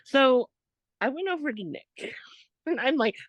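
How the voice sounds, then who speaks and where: A woman co-hosting a podcast, telling a story in a casual, animated way, quoting what others said. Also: sits high, unhurried, no room sound, highs cut off. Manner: animated retelling, quotes others, laughs often. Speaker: podcast co-host.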